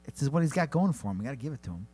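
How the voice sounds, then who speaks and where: A man co-hosting a comedy podcast, narrating a silly battle with lively delivery and sudden high-pitched character voices. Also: rapid-fire, slightly rough. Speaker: podcast co-host. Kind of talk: comedic storytelling banter.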